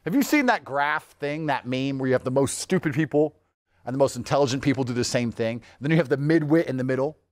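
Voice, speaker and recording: A man's voice: mid-range voice, animated, fast talker, no room sound, studio quality. A man speaking as an interview guest, boastful and mocking, often slipping into sneering mimicry of others. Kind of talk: interview clip played in a reaction video.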